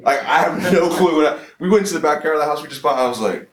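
A man's voice: fairly high pitch, fast talker. A man in his thirties giving a live conference talk. He speaks emphatically, fires off rhetorical questions and often restarts his sentences. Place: conference session room. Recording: roomy, distant from the mic.

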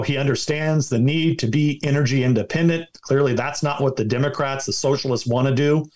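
A man's voice: medium pitch, a little mellow. Emphatic man giving political commentary. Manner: emphatic, repetitive restarts, partisan. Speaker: political guest.

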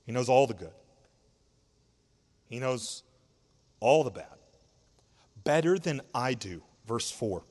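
A man preaching a sermon in an expressive, conversational way, asking rhetorical questions and drawing out words. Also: fairly high pitch, a little slow, long pauses, big-room sound. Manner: conversational, sarcastic asides. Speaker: pastor.

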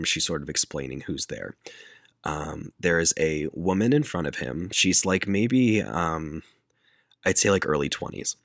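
Man, very deep voice, dry close sound, casual movie recap, deadpan quotes. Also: no room sound. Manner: laid-back storyteller, deadpan quoting, laughs often. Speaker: podcast co-host retelling a movie. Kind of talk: casual chat.

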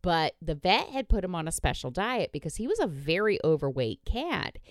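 A woman's voice: fairly low pitch, very animated, moderate pace, no echo, studio quality. A woman hosting a podcast, telling a story in a blunt casual chat, swearing freely and laughing along. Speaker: podcast host.

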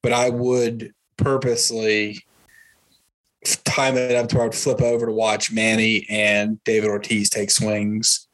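A man's voice: fairly low pitch, little pitch movement, unhurried, fairly bright tone, rough recording. A man co-hosting a podcast, talking in an easygoing, rambling way and laughing along. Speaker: podcast co-host. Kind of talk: casual chat.

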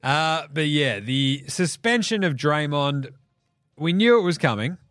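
An Australian man hosting a basketball podcast, ranting in an animated, profane way and laughing between jokes. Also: a little high, a little slow, no echo, studio quality. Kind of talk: solo sports podcast rant.

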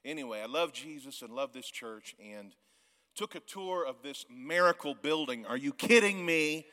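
Loud, bright-voiced man preaching in a hall. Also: medium pitch, moderate pace. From Missouri Ozarks. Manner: loud, yelling preacher, laughs often. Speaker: guest pastor. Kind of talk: sermon. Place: large church auditorium. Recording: long church hall reverb.

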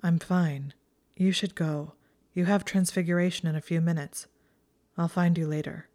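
A woman voicing a guarded, bitter young male wizard, speaking quietly and in clipped phrases. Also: lowish voice, steady tone, normal speed, close to an everyday voice.

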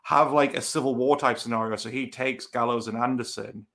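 A man's voice: medium pitch, steady tone, a little fast, fairly bright tone. A man co-hosting a casual podcast chat, explaining his picks at length. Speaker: podcast co-host.

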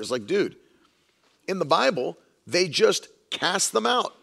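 A man's voice: high voice, big pitch swings, unhurried, creaky, fairly bright tone. A man preaching a sermon in an emphatic way, repeating lines for stress and mocking the views he argues against.

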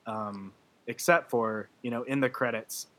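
A man's voice: mid-range voice, measured pace, a bit bright. A man in casual podcast chat, gushing and emotional, rambling with many fillers and restarts. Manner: gushing about a film, laughing through his words.

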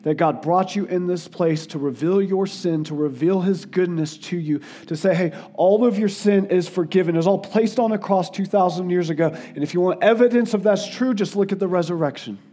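A male guest preacher giving an earnest sermon, sometimes emotional and dropping his voice softly for quotes. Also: brisk, few pauses. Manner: earnest, tearful in places, drops to soft low tones for quotes. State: crying at times.

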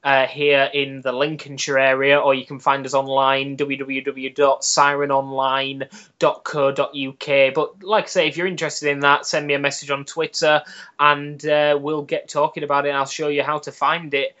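A man co-hosting a casual wrestling-style podcast, easygoing and laughing a lot as he trips over his words. His pitch sits in an ordinary middle range. The recording sounds a little dull and lo-fi. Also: little pitch movement, normal speed, pushed and bright. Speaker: podcast co-host. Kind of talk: casual chat. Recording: slightly dull lo-fi audio.

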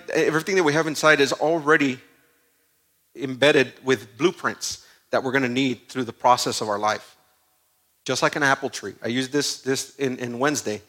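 A man preaching a sermon in a conversational, animated way, full of asides and stories. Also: medium pitch.

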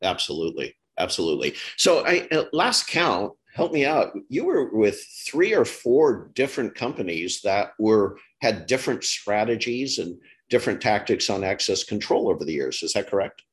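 A man's voice: on the low side, sing-song, normal speed, hardly any pauses. A middle-aged man hosting an interview, talking in long rambling stretches with restarts and self-corrections. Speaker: podcast host. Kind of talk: casual interview chat.

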